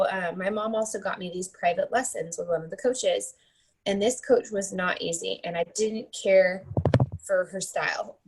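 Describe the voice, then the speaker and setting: Woman in her 30s giving a motivational talk, husky tone, conversational and chatty. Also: medium pitch, poor audio. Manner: chatty, tags points with "right?" and "like". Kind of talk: motivational storytelling.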